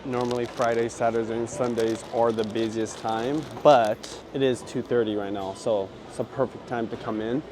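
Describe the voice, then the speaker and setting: A man's voice: mid-range voice, steady tone, normal speed, few pauses, noisy background. Laid-back slangy man vlogging. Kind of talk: casual vlog talk to camera.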